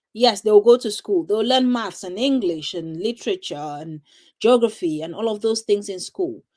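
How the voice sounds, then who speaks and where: A woman's voice: medium pitch, a little mellow. A woman who hosts a podcast and works as a teacher, speaking earnestly and emphatically in conversational talk and often repeating her points.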